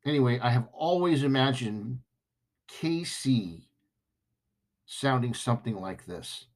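A man's voice: mid-range voice, lively intonation, slow pace, a little mellow. A man hosting a podcast, rambling through a jokey, self-mocking comedic monologue. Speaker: podcast host.

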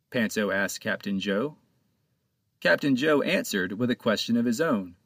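Man, storybook narrator, lively pitch, dry close sound, medium pitch. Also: moderate pace, no room sound. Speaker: author and narrator.

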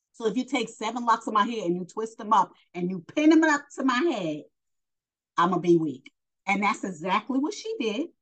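This is a woman from New York leading a Bible lesson. Her voice sits at a middling pitch. She reads scripture aloud and then retells it in blunt street talk, firing questions at her listeners and answering them herself. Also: fairly bright tone, low-quality recording. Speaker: Bible teacher.

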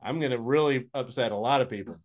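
A man in his forties, a play-by-play announcer co-hosting a sports podcast in casual, dry, self-mocking chat, quick to laugh. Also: mid-range voice, highs cut off.

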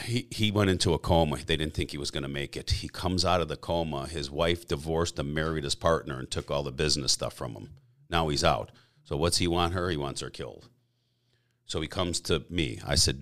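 A middle-aged man telling stories as a podcast guest in a casual, rambling way, often clearing his throat. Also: extremely low pitch, brisk, a bit bright. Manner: rambling, frequent throat clearing, acts out quoted dialogue. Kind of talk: casual storytelling.

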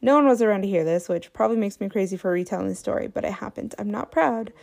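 Chatty woman podcast host with vocal fry. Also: mid-range voice, fast, darkish tone. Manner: chatty, self-deprecating, laughs often. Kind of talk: casual storytelling podcast.

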